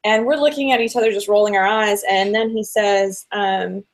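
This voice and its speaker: A woman telling a story in a casual podcast chat, animated and acting out the people she quotes. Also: mid-range voice, normal speed. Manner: animated retelling with quoted voices.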